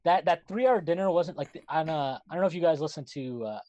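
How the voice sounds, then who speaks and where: A man co-hosting a casual sports podcast, talking haltingly with lots of "like" and "uh". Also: on the high side, expressive, mellow, muffled recording. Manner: hesitant, full of "like" and "uh". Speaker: podcast co-host.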